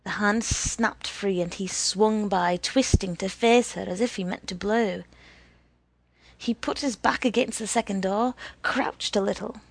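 A woman narrating a story in a measured, deliberate reading with a husky voice. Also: mid-range voice, dry recording.

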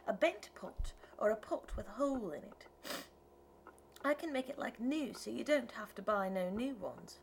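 A woman's voice: a little high, expressive, normal speed, creaky, slight background noise, voice pushed up. A woman reading an audiobook, voicing a wandering male tinker who talks in a rustic, ungrammatical, wheedling way. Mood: persuasive. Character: folksy wandering male tinker, pleading salesman.

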